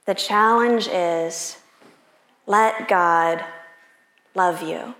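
A woman pastor preaching a sermon in an unhurried, conversational and personal way. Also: lowish voice, fairly bright tone, echoey room.

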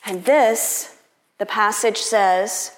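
A woman pastor preaching a sermon in an unhurried, conversational and personal way. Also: mid-range voice, roomy sound.

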